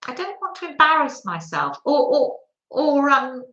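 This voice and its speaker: A woman's voice: sits high, big pitch swings, measured pace, pushed and bright, reverberant, muffled recording. A woman hosting a chatty craft livestream, reading out and answering viewer comments and laughing often. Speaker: livestream host.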